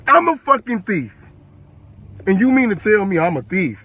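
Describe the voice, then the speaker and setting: A man's voice: high-pitched, sing-song, moderate pace, pushed and bright, husky. An eighteen-year-old man ranting on a live stream, furious and profane, firing the same questions again and again. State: upset and worked up. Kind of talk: angry live-stream rant.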